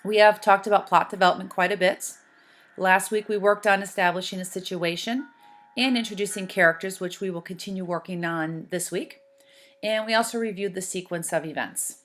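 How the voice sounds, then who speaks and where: A woman teacher in a recorded lesson, giving slow, deliberate instructions and spelling out sounds. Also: mid-range voice, steady tone, a bit bright, soft background music.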